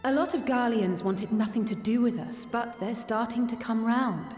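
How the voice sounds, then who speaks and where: Woman voicing a direct young adventurer in a game, a bit high, plain-spoken, echoey hall sound. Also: normal speed, darkish tone, faint music behind, lightly acted. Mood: resolute.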